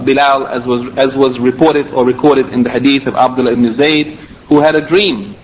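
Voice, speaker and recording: A man teaching a recorded religious lesson, explaining step by step with fillers and self-corrections. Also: mid-range voice. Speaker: Islamic studies teacher. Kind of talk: recorded lecture. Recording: tinny phone-line quality, faint hiss.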